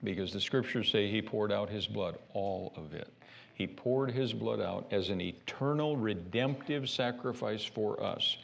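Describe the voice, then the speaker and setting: Gravelly-voiced preaching pastor. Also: male voice, on the low side, a little slow. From United States. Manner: animated preaching with repeated restarts. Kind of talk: sermon. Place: church sanctuary.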